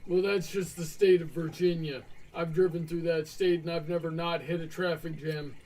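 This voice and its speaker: A man's voice: a little high, level tone, moderate pace, darkish tone, far from the mic, poor audio. A young man co-hosting a livestream, laid-back, answering viewer questions and chatting about his week. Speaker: stream co-host. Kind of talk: casual chat on a livestream.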